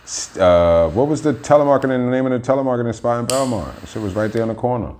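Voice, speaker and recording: A man's voice: mid-range voice, animated, fast, darkish tone, a little hiss or hum. A man hosting his own podcast, telling stories in a rambling, slangy, heavily profane monologue. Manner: rambling, slangy, heavy swearing. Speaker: podcast host.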